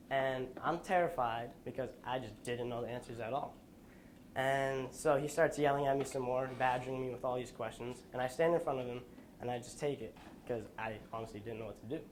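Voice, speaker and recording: A young man giving a school presentation, telling a personal story in an earnest, halting way with restarts, sounding tired. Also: medium pitch, a little hiss or hum. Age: young adult. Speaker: student presenter.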